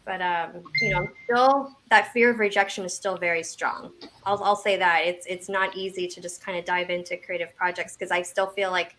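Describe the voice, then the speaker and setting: A woman's voice: lowish voice, fairly quick, a bit bright, a little hiss or hum. A woman around forty, guesting on an interview as a memoir author, talking casually with lots of restarts and self-deprecating asides.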